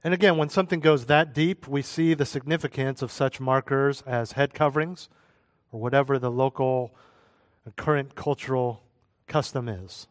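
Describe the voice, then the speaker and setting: A man's voice: mid-range voice, moderate pace, no room sound. A man preaching a sermon as a pastor, conversational, with asides and jokes.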